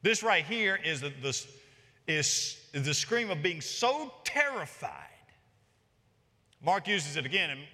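A pastor preaching in a large church with long echoing reverb, his voice forceful and bright and pitched a little high. He drives his points home emphatically and climbs higher whenever he stresses something. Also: very animated, takes it slowly. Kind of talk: expository sermon.

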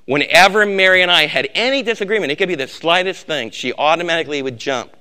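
A man's voice: animated, quick pace, clear, resonant tone. Impassioned older male pastor preaching. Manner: swings from loud exhortation to low, quiet emphasis; repeats words for emphasis. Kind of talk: sermon.

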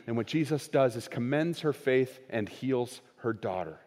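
A man preaching a sermon, swinging between raised, quoted lines and hushed, slowed emphasis. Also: mid-range voice, expressive. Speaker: pastor. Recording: long hall reverb.

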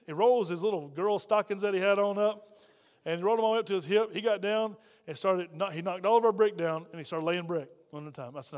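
A middle-aged man, preaching a sermon and telling a story, switching between loud passages and hushed ones. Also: high voice, fast talker. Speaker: pastor. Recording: hall reverb.

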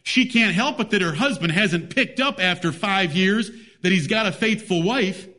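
High-voiced man preaching a sermon. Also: normal speed, pushed and bright. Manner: emphatic, reads scripture in old-fashioned biblical wording.

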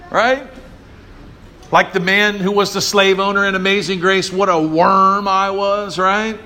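A man with a notably high speaking voice delivers a sermon from the pulpit. He preaches emphatically and calls on the congregation to answer back. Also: flat delivery, unhurried, sharp tone, slight background noise. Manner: call-and-response preaching, emphatic. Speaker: pastor.

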